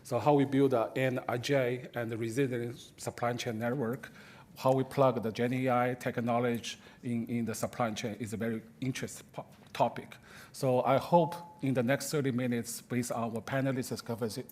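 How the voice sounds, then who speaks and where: A man moderates a panel discussion at a conference. He speaks haltingly and restarts words as he goes. His voice sits at a middle pitch. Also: darkish tone. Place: conference stage.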